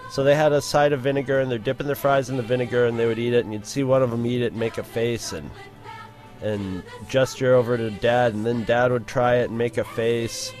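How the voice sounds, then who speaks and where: A man's voice: mid-range voice, fairly even intonation, brisk, darkish tone, soft background music. A male podcast co-host in casual chat, telling a rambling story with many restarts.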